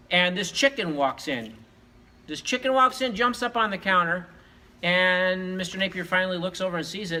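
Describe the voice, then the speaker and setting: A man's voice: sits high, bright, forceful tone, rough recording. A man, a teacher, telling long joke stories during school announcements in a playful, rambling way. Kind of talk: joke storytelling.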